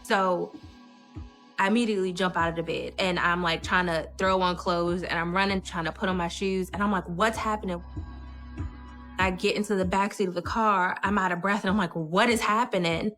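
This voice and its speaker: A young woman recounting events in a measured, earnest way as an interviewee in a true crime documentary. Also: lowish voice, steady tone, a bit bright, soft background music. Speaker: interviewee, victim's daughter.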